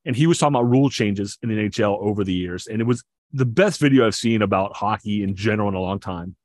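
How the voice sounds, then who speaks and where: A male podcast co-host with a lowish, darkish voice talks fast in casual sports chat. He's enthusiastic, explains things at length, and often stammers as he restarts sentences.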